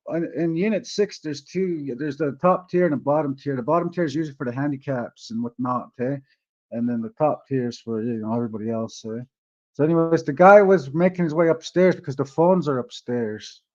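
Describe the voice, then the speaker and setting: A man's voice: on the high side, a little mellow. A man casually telling a long story to his viewers, rambling and swearing, often tagging his lines with "eh". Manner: rambling, profane, tags lines with "eh". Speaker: vlogger. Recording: dull lo-fi sound.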